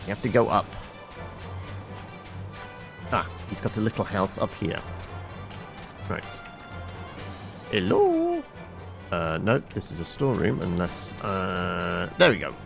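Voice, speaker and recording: A man's voice: low-pitched, wildly swooping pitch, slow pace, vocal fry, pauses often, music in the background. A man commentating over a game he plays, with wry, mumbling asides and many fillers. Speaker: let's-play host. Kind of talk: gameplay commentary.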